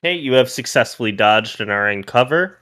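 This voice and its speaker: A man's voice: medium pitch, lively intonation, brisk, pushed and bright. A man narrating a tabletop role-playing game as game master, in a casual, loose way that thinks aloud.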